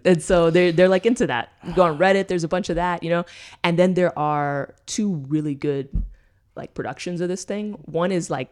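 A woman's voice: on the low side, fairly even intonation, normal speed, a little mellow. A woman co-hosting a podcast, retelling a story in casual, profane chat and checking in with "right?" after almost every point. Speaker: podcast co-host.

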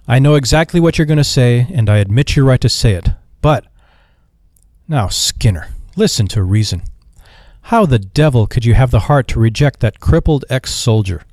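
A man voicing a bossy old male shipping tycoon who talks in a shrill, blustering bark. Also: animated, normal speed, darkish tone, no room sound, clean studio sound, natural voice. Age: older.

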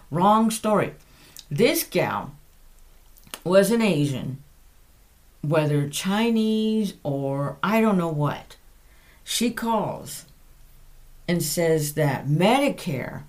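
A woman hosting a faith podcast, telling a personal story in a chatty, animated way and breaking off for side notes and corrections. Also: on the low side. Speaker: podcast host.

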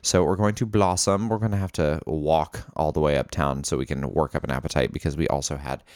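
A man's voice: a bass voice, fairly even intonation, fairly quick, darkish tone, no echo, clean studio sound. A man in his thirties co-hosting a podcast, chatting casually, laughing often and swearing freely. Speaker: podcast co-host. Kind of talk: casual chat.

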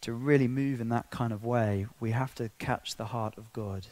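A man preaching a sermon, building to emotional peaks then dropping to a hush. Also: mid-range voice, fairly even intonation, moderate pace, dry recording. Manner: impassioned, swinging between soft and loud.

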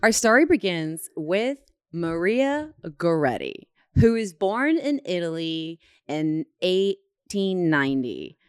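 A young woman, co-hosting a podcast and telling a story in an animated, laughing way. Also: fairly low pitch, slow, hardly any pauses, smooth, no room sound, studio quality. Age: 20s. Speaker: podcast co-host. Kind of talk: casual chat.

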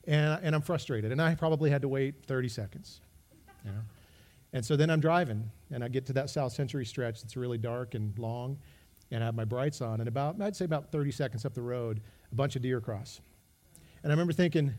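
A middle-aged pastor delivers a sermon in a relaxed, chatty manner. His voice is mellow and warm at a middle pitch, and he leans into lively little re-enactments as he goes. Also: fast talker. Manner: conversational and animated, acts out his own exclamations.

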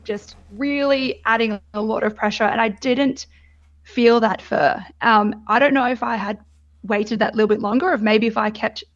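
Young aussie woman telling her birth story, candid and laughing a lot, voice a bit high, kinda dull lo-fi sound. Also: fairly even intonation, normal speed. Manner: candid, chatty, laughs often, swears. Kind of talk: casual chat.

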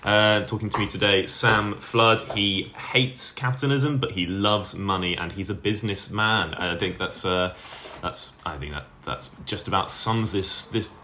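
A man's voice: fairly low pitch, unhurried, hardly any pauses, bright, forceful tone, a little hiss or hum. A man hosting a comedic podcast, rambling and hesitant, with a self-deprecating manner. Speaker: podcast host.

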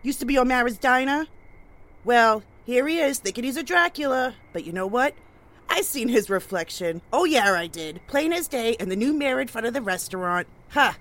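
A crude, conspiratorial older neighborhood gossip voiced by a woman in a comedic audio drama. Her voice is sharp and bright. She mocks and jokes in a cackling way. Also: a little high, lively intonation, normal speed. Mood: mocking.

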